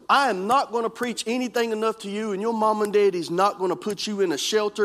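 A man preaching to young people, telling a story with lots of repetition and acting out the scenes. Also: sits high. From North Carolina, US. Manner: animated, repetitive, acts out scenes.

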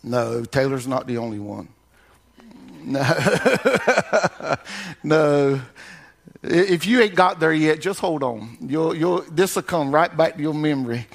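An older man preaching a sermon as pastor, swinging from loud raised calls to low, soft drops and chuckling along with the congregation in a folksy way. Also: expressive, slow pace, creaky, pauses often.

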